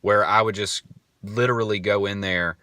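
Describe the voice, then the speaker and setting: A man's voice: lowish voice, steady tone, moderate pace, bright, forceful tone, no room sound, clean studio sound. A man in his twenties hosting a podcast, telling a rambling story in a casual monologue. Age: 20s. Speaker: podcast host.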